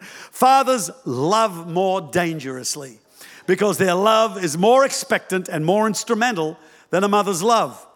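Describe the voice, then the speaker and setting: A male pastor preaching a sermon in an animated, humorous way, acting out the voices of parents. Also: sits high, big-room sound.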